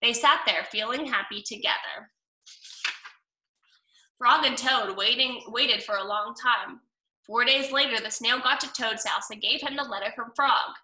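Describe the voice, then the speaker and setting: Woman reading a kids' storybook, bright, slightly high, roomy room. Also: a little slow. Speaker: storybook reader. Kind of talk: reading a children's book aloud. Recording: roomy, mic at a distance.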